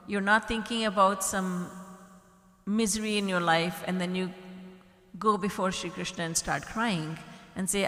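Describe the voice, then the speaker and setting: Woman giving a devotional talk in an echoey hall. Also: mid-range voice. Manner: gentle, devotional, quotes prayers in a soft pleading tone. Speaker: spiritual teacher. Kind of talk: devotional discourse. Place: large hall at a retreat. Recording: echoey hall with long reverb.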